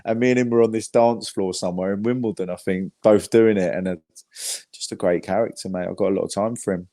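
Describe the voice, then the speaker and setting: A man with an English accent chats as a podcast guest, rambling through fan anecdotes and swearing freely. His voice sits fairly low. The sound is dry and close, with no room echo. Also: steady tone, brisk, warm tone. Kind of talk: casual chat.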